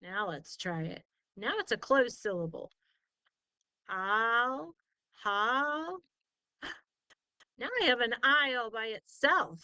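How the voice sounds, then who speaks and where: A woman's voice: on the high side, animated, takes it slowly, long pauses, pushed and bright, smooth, dry recording. A woman tutoring a student in spelling, patiently sounding out words syllable by syllable and praising answers. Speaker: spelling teacher. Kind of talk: slow, patient tutoring lesson.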